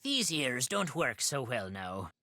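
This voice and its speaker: Older Irish-accented doom-saying elder, lively lilt, bright edge, dry studio sound. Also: male voice, medium pitch, slow pace, dry recording, heavily acted. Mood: weary. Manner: cryptic, ominous storyteller. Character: old Irishman foretelling doom.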